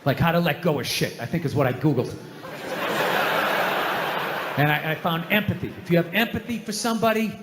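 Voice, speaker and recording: A man's voice: a little high, a little fast, pauses often, fairly bright tone, slight background noise. A male stand-up comedian ranting and swearing with self-mocking humor on a theater stage. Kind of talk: stand-up routine. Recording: echoey hall, faint ambience.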